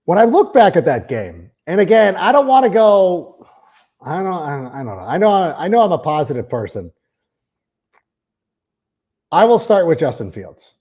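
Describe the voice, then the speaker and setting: Guy doing a sports podcast, rambly and worked up, pitch jumping all over, kinda dark mellow tone. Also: normal speed, pauses often, husky. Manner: animated, rambling, repeats words when starting sentences; reads a sponsor ad in the middle. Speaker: podcast host. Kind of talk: casual sports talk monologue.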